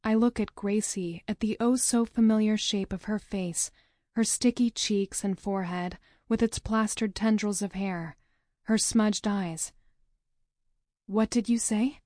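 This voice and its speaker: A woman narrating a novel in the first person, with a measured, dramatic reading. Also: medium pitch, fairly even intonation, dark tone, no room sound, clean studio sound. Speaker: audiobook narrator.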